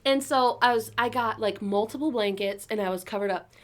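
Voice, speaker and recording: Co-hosting a podcast, this young woman talks fairly quickly at a higher pitch, keeping things casual with frequent giggles and offhand cursing.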